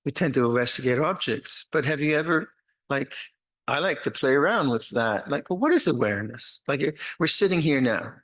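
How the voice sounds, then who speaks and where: An older man gives a dharma talk at a meditation retreat, his voice at an ordinary middle pitch. He speaks slowly and haltingly, often repeating words and restarting his sentences. His manner is gentle and wry as he teaches. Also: animated, rough recording. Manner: gentle, wry, laughs at his own jokes.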